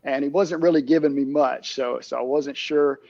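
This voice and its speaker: Halting middle-aged man, gravelly voice. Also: medium pitch, fairly even intonation, darkish tone, no room sound, lo-fi sound. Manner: halting, many restarts and fillers. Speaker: camp director, guest. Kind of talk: casual interview storytelling.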